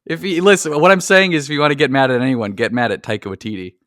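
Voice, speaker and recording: A man co-hosting a podcast in casual chat, with dry teasing humor that turns animated when he argues a point. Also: medium pitch, fast talker, dry recording. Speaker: podcast co-host.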